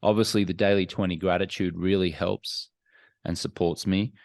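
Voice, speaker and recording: Podcast guest: deep-voiced man, frank and self-reflective, dry close sound. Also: steady tone, creaky, darkish tone, no echo. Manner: frank, self-examining, measured. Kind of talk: candid, reflective interview talk.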